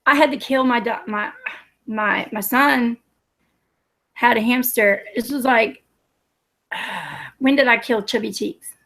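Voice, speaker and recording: A woman in her thirties with a drawl tells stories casually, rambling and swearing freely as she laughs at herself. Her voice sits a little high and carries a gravelly fry. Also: slow, long pauses, fairly bright tone. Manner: rambling, profane, self-mocking. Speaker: storyteller. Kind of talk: casual storytelling.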